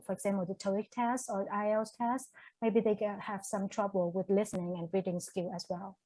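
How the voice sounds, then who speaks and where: A woman's voice: medium pitch, mellow, no room sound, poor audio. A woman with a Vietnamese accent speaking English as a webinar panelist, hesitant with frequent restarts.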